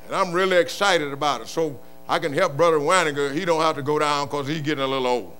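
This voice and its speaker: An older man preaching a sermon, moving from quiet murmured storytelling to loud, impassioned shouts. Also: on the high side, moderate pace, pauses often, clear, resonant tone. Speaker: pastor.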